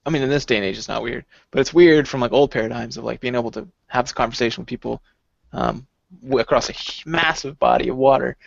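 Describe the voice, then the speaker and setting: A man co-hosting a podcast in casual chat, animated and rambling, laughing a lot. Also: medium pitch, quick pace, creaky, dry recording. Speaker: podcast co-host. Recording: dull lo-fi sound.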